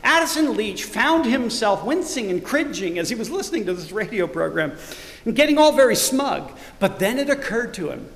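A middle-aged man, the church's pastor, preaching a sermon; he swells loudly on scripture verses and drops to quiet, conversational asides. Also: sits high, big pitch swings, normal speed, vocal fry, reverberant, in a large hall. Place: church sanctuary.

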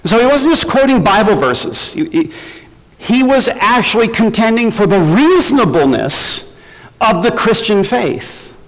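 A man preaching with a high, lively voice that leaps up and down as he presses his points. He speaks with emphasis and keeps asking rhetorical questions. The sound rings with a long hall reverb. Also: unhurried. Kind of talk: sermon.

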